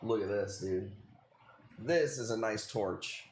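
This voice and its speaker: A man's voice: fairly low pitch, slow, roomy sound, slight background noise. A man in his late thirties hosting a live stream, casually rambling through a story with lots of swearing and "dude.". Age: 30s. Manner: rambling, profane, says "dude" constantly. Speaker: livestream host.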